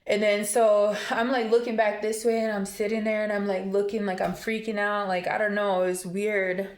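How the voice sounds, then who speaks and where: Woman vlogger, mid-pitch, emotional rambling storyteller, roomy echo. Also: level tone, moderate pace. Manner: emotional, rambling storytelling with many fillers and restarts. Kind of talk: casual storytime vlog.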